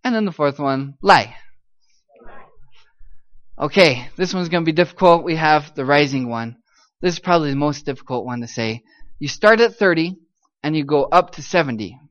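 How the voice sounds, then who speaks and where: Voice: mid-range voice, animated, brisk, fairly bright tone, muffled recording. A missionary giving an upbeat church talk to a live audience, teasing them kindly and singing out syllables to demonstrate the tones.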